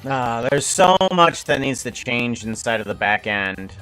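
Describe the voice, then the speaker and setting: A man streaming live, chatting casually in a rambling, halting way as he works. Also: medium pitch, expressive, sharp tone, smooth, faint music behind. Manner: rambling, halting, self-correcting.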